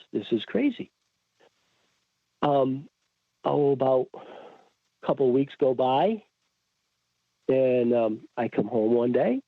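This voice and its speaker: Podcast guest, Connecticut man, lively retelling with many restarts, lo-fi phone-quality audio. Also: mid-range voice, no room sound. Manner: animated, acts out quoted voices, frequent restarts. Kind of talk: storytelling in a casual chat. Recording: tinny phone-like audio, dry.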